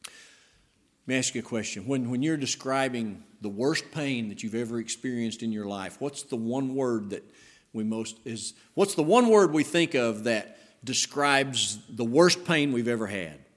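A man preaching a sermon as pastor, swinging between emphatic rising passages and hushed slow phrases to stress key words. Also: mid-range voice, animated.

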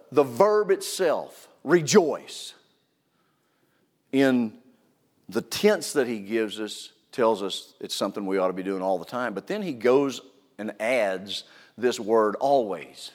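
A man preaching a sermon as a pastor, earnest and emphatic, repeating phrases to drive a point home. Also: mid-range voice. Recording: long reverb of a large hall.

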